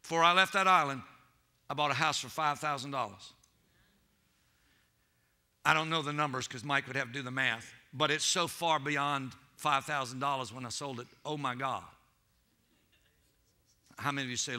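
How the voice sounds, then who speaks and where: A man's voice: mid-range voice, normal speed, long pauses, pushed and bright. A man preaching a sermon as pastor, telling stories with animation and calling out to his congregation as saints.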